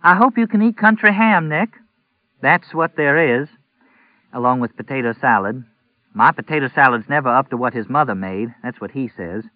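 A firm, motherly small-town wife, voiced by a male reader who won't take no for an answer. Her voice sits well above his own, scolding with warmth. The sound is thin and phone-like. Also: fairly high pitch, big pitch swings, moderate pace, dry recording, voice pushed up. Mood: firm caring. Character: small pretty southern wife, firm and caring. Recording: tinny narrow-band audio.

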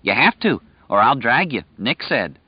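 A man's voice: medium pitch, sing-song, moderate pace, husky. A man doing a childlike simple grown man. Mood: insistent. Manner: urgent, insistent, repeating himself. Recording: dull lo-fi dry recording.

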